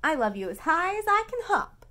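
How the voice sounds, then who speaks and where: A woman voicing a small, eager young male hare in a storybook, sounding excited and boastful. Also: very high voice, moderate pace, voice pushed up, heavily acted.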